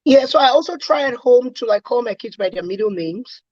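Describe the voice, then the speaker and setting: A woman's voice: on the high side, animated, a little fast, a little mellow, no room sound. A woman from Cameroon, a guest chatting earnestly and laughing easily on a video call. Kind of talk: casual chat on a video call. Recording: dull, lo-fi video call audio.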